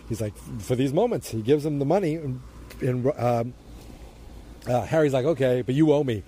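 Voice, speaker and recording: A man's voice: animated, normal speed, mellow, slight background noise. A man casually retelling a TV episode outdoors, rambling and acting out the characters' lines with jumps in his voice. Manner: rambling, acts out quoted lines with jumps in pitch. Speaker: TV episode recapper. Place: outdoors near turning-on sprinklers.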